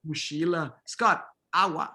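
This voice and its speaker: A man's voice: a little high, bright, forceful tone. Patient man drilling pronunciation on a call. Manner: repeats words slowly, affirms with uh-huh. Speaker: workshop instructor. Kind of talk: online pronunciation drill with students. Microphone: video call.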